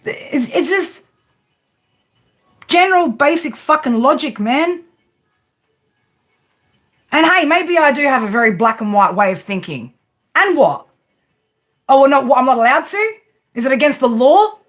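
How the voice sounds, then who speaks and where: In an unscripted livestream rant, a high-voiced tarot and spiritual reader swears and picks fights, peppering her talk with rhetorical questions and "right?". She's animated but unhurried, pausing often.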